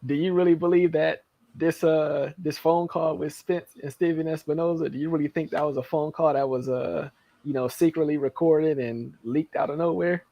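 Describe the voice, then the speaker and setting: A man's voice: fairly high pitch, steady tone, normal speed, vocal fry, no echo, highs cut off. A man chatting casually as a co-host, blunt and swearing freely. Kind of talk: casual chat.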